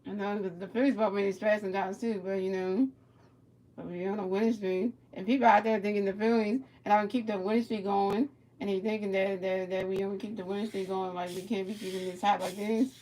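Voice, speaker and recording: A woman's voice: mid-range voice, steady tone, a little fast, mellow. A woman streamer giving casual play-by-play of a baseball video game, chatting with a viewer and stumbling over repeated words.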